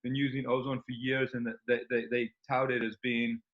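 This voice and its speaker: A man's voice: medium pitch, little pitch movement, brisk. A man speaking as an interview guest, rambling and enthusiastic with many fillers. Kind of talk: casual interview talk. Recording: dull lo-fi recording.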